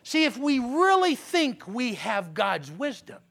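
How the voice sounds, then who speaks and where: A male pastor preaching in a church sanctuary, telling a story with lively animation, then settling into quiet, earnest teaching. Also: extremely high pitch, slow pace, gravelly. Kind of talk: sermon with storytelling.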